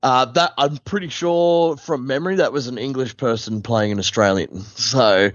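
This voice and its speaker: A man's voice: mid-range voice, moderate pace, no room sound. Chatty man on a dull dry line. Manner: chatty, hesitant, mimics voices while telling stories. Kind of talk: casual chat.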